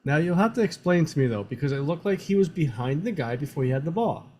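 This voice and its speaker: A man co-hosting a live match watch-along. He talks in a relaxed way, chuckles often and asks simple questions. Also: fairly high pitch, fast. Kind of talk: casual watch-along chat.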